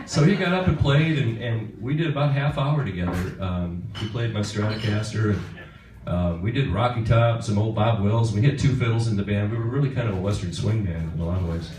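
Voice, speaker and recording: Brief: guitarist spinning a chuckling onstage story, noisy room. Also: male voice, on the low side, animated, a little fast, a little mellow. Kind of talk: onstage anecdote. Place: concert stage. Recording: echoey hall, far from mic, noisy.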